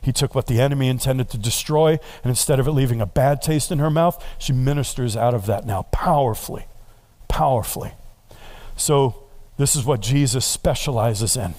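A man's voice: mid-range voice, moderate pace, darkish tone. A middle-aged male pastor preaching a sermon in a conversational way, often asking the congregation questions.

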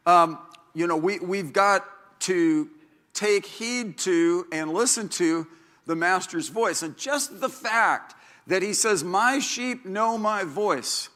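A man in his sixties, a pastor, preaching a sermon in a chatty, animated way, acting out quotes and stories. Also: takes it slowly. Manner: animated, chatty, acts out quotes with big pitch jumps.

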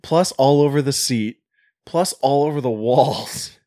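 A man co-hosting a podcast in casual chat about a horror movie, joking with quick interjections and easy laughter. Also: medium pitch, dark tone, dry recording, studio quality. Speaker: podcast co-host.

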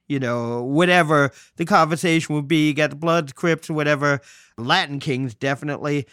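A man's voice: fairly high pitch, moderate pace, smooth, no room sound, studio quality. Joking New man hosting a podcast. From New York City. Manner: animated, joking, salty. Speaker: podcast host. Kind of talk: casual storytelling monologue.

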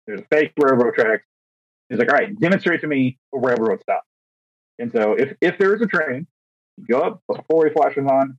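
Husky young man telling a story. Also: medium pitch. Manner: animated, acts out quotes, frequent restarts and fillers. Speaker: podcast co-host, teacher. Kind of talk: casual storytelling chat. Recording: dry, dull lo-fi recording.

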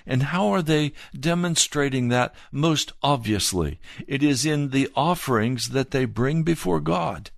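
A man preaching a slow, earnest sermon and telling a personal testimony. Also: mid-range voice, expressive, vocal fry, no room sound, clean studio sound. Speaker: pastor.

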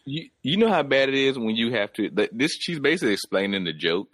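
A man's voice: mid-range voice, very animated, quick pace, fairly bright tone, no room sound. A man co-hosting a podcast, riffing loosely and joking about a clip. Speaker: podcast co-host. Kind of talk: casual chat reacting to a clip.

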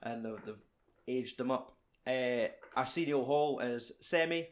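A young male podcast host with a medium-pitched voice chats casually about a film at a measured pace. Sweary and full of banter, he reads through the cast list alongside his co-host.

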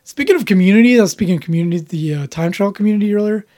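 A man's voice: high voice, lively intonation, racing, a little mellow. A man hosting a podcast in casual chat, rambling and opinionated, often cutting himself off mid-thought. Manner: rambling, opinionated, self-interrupting. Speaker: podcast host.

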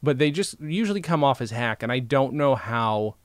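A man's voice: medium pitch, expressive, normal speed, dry recording. A man hosting a podcast, chatting casually in a rambling, jokey way with lots of fillers. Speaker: podcast host. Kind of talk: casual chat.

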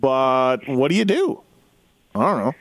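A man's voice: medium pitch, sing-song, a little slow. A man hosting a casual motocross talk show, rambling and thinking aloud. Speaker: podcast host. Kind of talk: casual chat.

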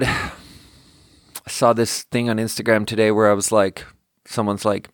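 Low-voiced rambling man podcasting. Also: level tone, no echo, clean studio sound. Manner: rambling, self-deprecating, quick to laugh. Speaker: podcast host. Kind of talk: casual solo podcast monologue.

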